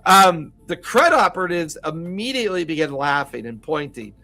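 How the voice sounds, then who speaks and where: A man running a tabletop game over a voice call, his voice sitting a bit high for a man. He narrates with a loose, chuckling manner and plenty of ums. Faint music plays underneath. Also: big pitch swings, normal speed, pushed and bright. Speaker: game master.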